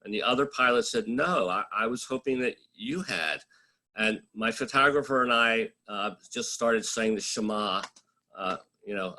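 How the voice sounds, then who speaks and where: A man's voice: on the low side, sharp tone. A man, a journalist, telling funny stories from his reporting career in a casual, wry way, full of fillers and restarts. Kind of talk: casual storytelling talk.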